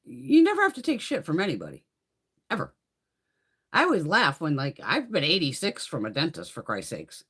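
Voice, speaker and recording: Blunt, lively woman telling stories with lots of swearing. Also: sits low, moderate pace, breathy edge. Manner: profane, blunt and animated, often laughing. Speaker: beauty vlogger hosting a live haul stream. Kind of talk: casual livestream chat and storytelling.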